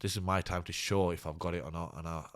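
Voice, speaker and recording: A man's voice: low voice, steady tone, fast. A man, a fighter talking candidly and earnestly as an interview guest. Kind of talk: casual interview talk.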